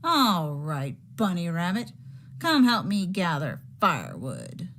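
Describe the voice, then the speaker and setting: A woman's voice: on the low side, wildly swooping pitch, slow pace, fairly bright tone, slight background noise, exaggerated voice. A woman snarling as a grumpy scruffy varmint. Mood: snappy. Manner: snarling, gruff. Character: grumpy scruffy male varmint, nasty temper.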